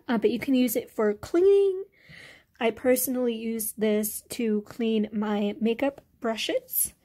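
Slow, relaxed woman reviewing products. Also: on the high side. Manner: relaxed, hesitant, many fillers. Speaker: beauty vlogger.

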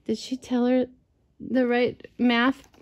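Slow, expressive woman reading a storybook. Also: on the high side. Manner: gentle, expressive, chatty asides. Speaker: storyteller for children. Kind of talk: read-aloud storytelling to a child.

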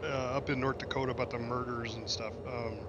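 A man's voice: mid-range voice, little pitch movement, fast talker, a bit bright, lo-fi sound, slight background noise. A man hosting a casual gaming chat, blunt and teasing, laughing often. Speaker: streamer host.

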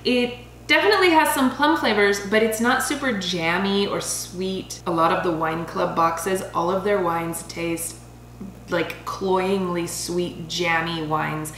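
A woman in her thirties chatting casually as she reviews wines, bubbly and quick to laugh, stumbling over foreign names. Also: lowish voice, a bit bright. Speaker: vlogger reviewing wine. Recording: roomy home recording with faint hum.

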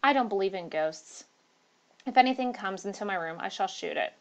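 A woman reading the part of a brisk, sceptical man who mocks the ghost talk. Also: high voice, expressive. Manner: brisk, dismissive, teasing. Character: brisk, sceptical male traveller.

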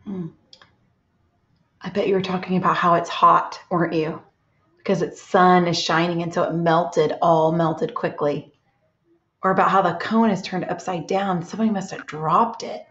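A woman teaching a reading lesson to young children, reading aloud slowly and gently and stopping to ask them questions. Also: fairly low pitch, steady tone. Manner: slow, gentle, asks children questions and pauses. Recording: echoey, dull lo-fi room sound.

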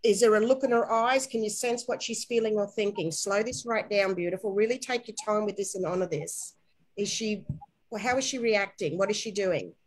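A woman guiding a spiritual inner-child healing session, talking softly and slowly and coaxing with endearments. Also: mid-range voice, poor audio. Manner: soft, slow, coaxing guidance with gentle endearments.

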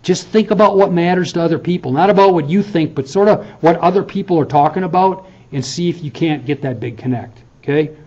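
Casting: professor in his fifties, slightly high voice, earnest lecture-hall talk, muffled lo-fi recording. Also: brisk, hardly any pauses, warm tone. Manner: conversational, earnest, frequent "okay?" check-ins. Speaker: university professor. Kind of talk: farewell lecture to students.

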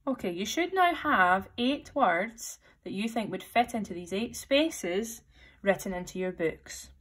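Teacher lady reading a kids' book aloud, slow clear instructions. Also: medium pitch, animated, a bit bright. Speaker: primary school teacher.

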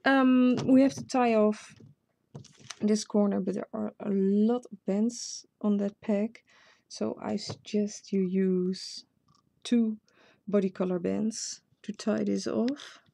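A woman's voice: mid-range voice, steady tone, takes it slowly, vocal fry, mellow. A woman with a Dutch accent, a native Dutch speaker, hosting a casual step-by-step craft tutorial and chatting to herself as she works. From Netherlands. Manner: chatty, self-talking while working.

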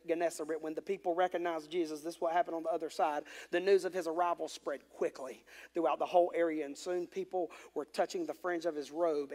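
A male pastor preaches in a church sanctuary, his voice pitched high for a man. He reads scripture aloud and breaks in with emphatic, conversational commentary. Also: darkish tone. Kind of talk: sermon.

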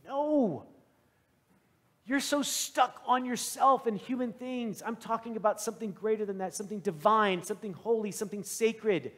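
A man's voice: high-pitched, moderate pace, a bit bright, in a large hall. A man voicing an earnest, stern teacher. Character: calm, stern male spiritual teacher.

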